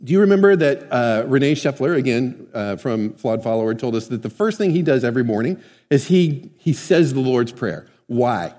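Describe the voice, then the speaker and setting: A pastor preaches in a chatty, conversational style, frequently putting questions to his congregation. His mid-range voice is slightly mellow, with lively intonation and an ordinary pace. A long hall reverb hangs over the recording.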